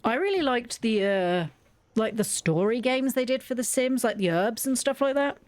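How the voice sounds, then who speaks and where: A woman's voice: a little high, animated, normal speed. A young woman giving casual, rambling, self-deprecating commentary as she plays a video game. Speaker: let's play host. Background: faint game music.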